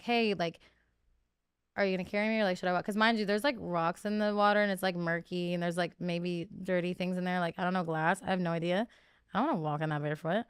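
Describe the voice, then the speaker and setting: A young woman in her twenties telling stories as a podcast guest, animated and profane, jumping up in pitch and volume when she acts out quotes. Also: clear, resonant tone, no room sound, clean studio sound. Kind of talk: candid storytelling interview.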